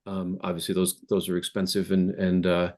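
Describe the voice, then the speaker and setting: Casting: low-pitched man, founder guest, halting, restarts often, home-office video call. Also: completely flat delivery, darkish tone. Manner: hesitant, many restarts and fillers. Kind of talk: casual interview conversation.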